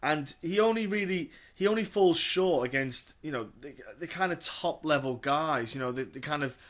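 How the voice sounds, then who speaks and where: Man, podcast co-host, enthusiastic, repetitive, bright tone. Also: on the high side, normal speed. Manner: chatty, enthusiastic, repeats himself. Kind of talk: casual fight-pick chat.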